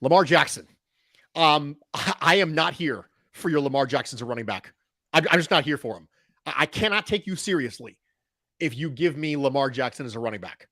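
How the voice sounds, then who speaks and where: A man on a casual sports podcast builds his case with stats, repeating key lines for weight. His voice sits a little high. The sound is dry and close, with no room around it. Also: animated, fairly quick, bright, forceful tone, no room sound. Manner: emphatic, repeats points for stress. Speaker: podcast football analyst.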